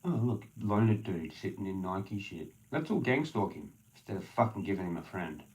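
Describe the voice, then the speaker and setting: A man ranting alone on a livestream, swearing constantly and swinging from low mumbling to loud shouting. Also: animated, normal speed, low-quality recording. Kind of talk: rambling solo livestream rant.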